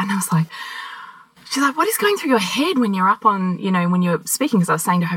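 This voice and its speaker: A woman co-hosting a podcast, talking candidly and telling animated stories with laughter and the odd swear word. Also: mid-range voice, fast, breathy edge, low-quality recording. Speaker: podcast co-host. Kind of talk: casual conversation.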